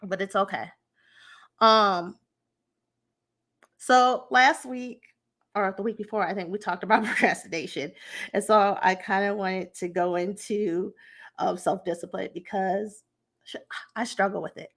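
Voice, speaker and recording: A young woman hosts her own podcast from home, speaking with an emotional, heartfelt warmth and a lot of fillers as she rambles. Her voice has a gravelly, creaky edge at an ordinary middle pitch. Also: steady tone, measured pace, pauses often. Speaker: podcast host. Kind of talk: casual personal talk.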